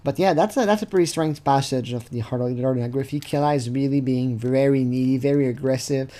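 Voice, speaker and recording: A man's voice: mid-range voice, a little fast, warm tone. A man giving casual commentary on a text he reads from, rambling and profane, with frequent hesitations. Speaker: channel host.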